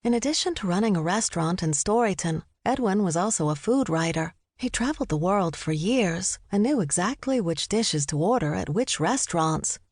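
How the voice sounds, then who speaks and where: A woman narrating a cozy mystery audiobook in a measured, descriptive way. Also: on the low side, lively intonation, a little mellow, no room sound. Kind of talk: scripted narration. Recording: dry studio close mic.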